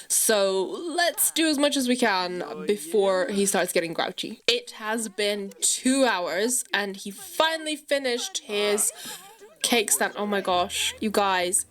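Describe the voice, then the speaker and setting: A woman's voice: medium pitch, a bit bright. A woman hosting a gaming channel, chatting through her gameplay with lots of exclamations and playful scolding of her characters. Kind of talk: casual gameplay commentary.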